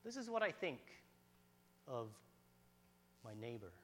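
A man telling a personal story in an animated, excitable way, with frequent restarts. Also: medium pitch, measured pace, a little hiss or hum.

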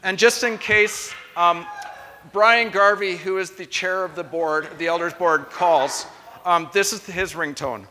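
Young man, pastor, high voice, playful chatty sermon, long church reverb. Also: a little slow, very noisy. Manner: playful, chatty, teasing the congregation. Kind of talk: conversational sermon. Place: church sanctuary.

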